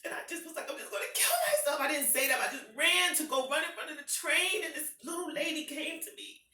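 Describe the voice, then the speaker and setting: Bright-voiced woman preaching in an echoey hall. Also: high voice, brisk. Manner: emotional, swings from hushed to shouting. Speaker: motivational speaker. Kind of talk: impassioned personal testimony to a live audience. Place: event hall with an audience. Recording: echoey hall, voice picked up from far off.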